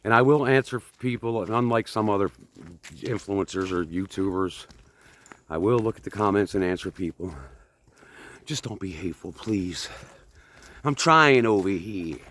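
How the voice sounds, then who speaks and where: A man in his fifties talks as he hikes outdoors, wandering from one thought to the next in a chatty, self-deprecating way. His voice sits a little low, and he sounds slightly out of breath from walking. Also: moderate pace, pauses often, a bit bright, a little hiss or hum. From United States. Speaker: vlogger. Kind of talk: casual chat while walking. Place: outdoors on a hike.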